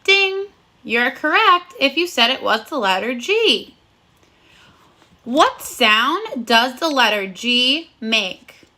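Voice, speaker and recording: A woman teaching phonics to first graders in a video lesson. Her voice sits high and sounds bright and clear. She talks slowly and cheerfully, with sing-song praise for the children. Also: big pitch swings.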